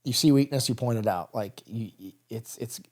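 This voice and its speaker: A man's voice: mid-range voice, normal speed, darkish tone. A man in his thirties, a military veteran guest, telling stories in a candid, rambling, casual way on an interview podcast. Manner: candid, rambling, with frequent "brother" and "dude".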